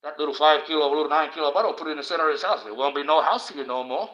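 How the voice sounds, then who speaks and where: A man's voice: fairly high pitch, racing, a bit bright. An Australian man ranting on a livestream, crude and profane, rambling with stumbling restarts. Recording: dull lo-fi stream audio.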